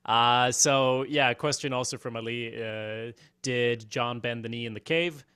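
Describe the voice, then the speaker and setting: A young man co-hosting a podcast in casual chat, relaxed and wry, reading out listener questions. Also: mid-range voice, measured pace, clear, resonant tone. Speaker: podcast co-host.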